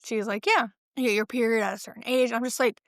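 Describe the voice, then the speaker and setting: A woman's voice: fairly high pitch, fairly even intonation, fast, a bit bright, no room sound, studio quality. A pregnant woman in her late twenties hosting a podcast, talking casually and swearing often, with lots of "like" fillers. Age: 20s. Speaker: podcast host. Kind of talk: casual solo chat.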